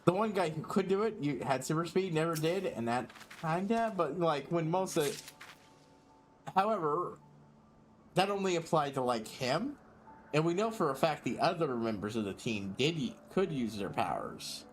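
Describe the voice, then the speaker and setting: A man's voice: fairly high pitch, sing-song, moderate pace, a little hiss or hum. Rambling man streaming a game. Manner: rambling, lots of fillers. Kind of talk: casual gameplay commentary.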